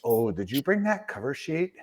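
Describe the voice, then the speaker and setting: A man's voice: medium pitch, big pitch swings, normal speed, darkish tone. A man putting on the voice of a fussy, prim male office clerk while telling a story on a podcast. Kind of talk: quoted impression in casual chat.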